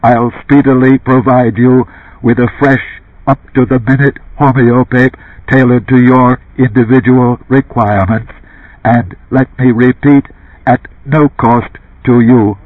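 A man voicing a tinkling mechanical hotel news machine that delivers a chirpy sales pitch. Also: little pitch movement, measured pace, no room sound, lightly acted. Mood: promotional. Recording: tinny phone-like lo-fi sound.

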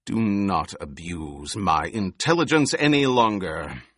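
A man's voice: low voice, lively intonation, slow, a bit bright, no room sound, studio quality, exaggerated voice. A man voicing a cruel, mocking emperor who speaks in an imperious, purring, commanding way. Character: cruel, mocking male emperor on his throne.

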